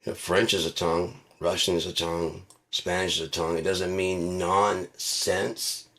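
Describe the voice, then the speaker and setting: A man's voice: sits low, little pitch movement, unhurried, a bit bright. A man hosting his own channel, delivering a profane, heated, mocking rant. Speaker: channel host. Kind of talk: ranting monologue.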